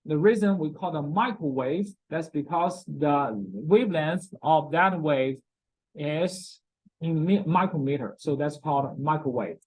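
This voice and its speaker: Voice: mid-range voice, animated, unhurried, darkish tone, breathy edge, poor audio. Recorded classroom lecture, chemistry teacher, repeats key words, frequent "okay?" checks, non-native grammar.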